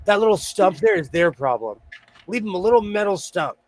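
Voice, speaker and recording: Fairly high-voiced joking male host. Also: expressive, brisk, a little mellow. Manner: jokey, rambling storyteller. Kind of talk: casual chat. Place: home sewing room.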